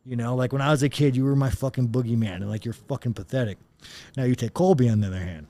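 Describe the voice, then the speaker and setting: 粗口不断的男人讲往事. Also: male voice, mid-range voice, fast, mellow. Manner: profane, rambling storytelling. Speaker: podcast guest. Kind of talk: casual chat.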